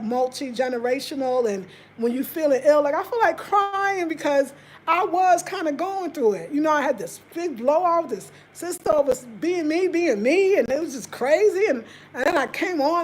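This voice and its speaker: A woman's voice: sits high, expressive, normal speed. A woman chatting casually on a live stream, talking straight to her viewers and answering their comments. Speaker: vlogger reading live chat.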